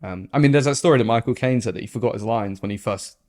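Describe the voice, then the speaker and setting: A young man co-hosting a podcast, speaking in an easy, agreeable way with lots of "yeah" and laughter. His voice sits slightly low. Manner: relaxed, agreeable, quick to laugh. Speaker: podcast co-host. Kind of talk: casual chat.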